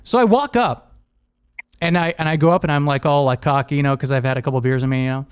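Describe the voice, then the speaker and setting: A man in his forties hosting a podcast, telling rambling stories in a casual, animated way and laughing often. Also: on the high side, quick pace, clear, resonant tone, dry recording. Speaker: podcast host. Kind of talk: casual storytelling chat.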